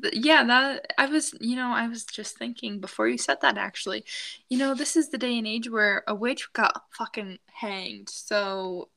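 A woman's voice: on the high side, moderate pace, bright, forceful tone, slight background noise. A woman co-hosting a casual podcast, reacting to a gruesome story with squeamish jokes. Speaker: podcast co-host listening. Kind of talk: casual true-crime chat.

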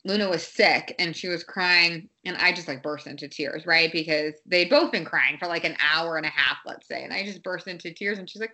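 A woman's voice: lowish voice, moderate pace, hardly any pauses, bright, forceful tone. A woman in her thirties, a mother talking candidly about parenting in a casual conversation, with many fillers and restarts. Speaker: guest, parent.

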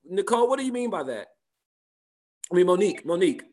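A man's voice: high-pitched, sing-song, quick pace, darkish tone. A man teaching a spiritual class and answering participants' questions, talking conversationally, repeating phrases and asking "right?".

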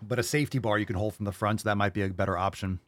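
A man's voice: fairly low pitch, fairly even intonation, racing, dry recording. A man hosting a fitness podcast, ranting about diet and answering training questions in a profane, combative, mocking way. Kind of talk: ranting call-in fitness show.

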